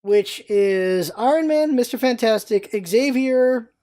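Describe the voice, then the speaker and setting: A young woman casually reviewing a movie on her vlog, chatty and excitable, rambling with restarts and quick character impressions. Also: fairly high pitch.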